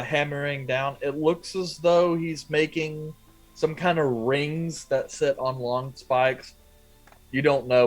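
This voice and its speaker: A man running a tabletop game as game master, describing scenes in a relaxed, easygoing way. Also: medium pitch, low-quality recording.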